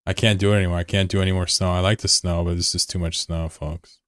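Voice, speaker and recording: A man chatting casually on a live game stream, excitable and swearing freely as he answers chat between calls. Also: low voice, fast talker, no echo, studio quality.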